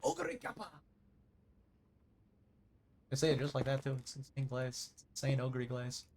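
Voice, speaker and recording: A man chatting casually while streaming a game live, rambling excitably and tripping over repeated words as he gets going. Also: medium pitch, fairly quick, slight background noise. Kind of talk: casual live gaming commentary.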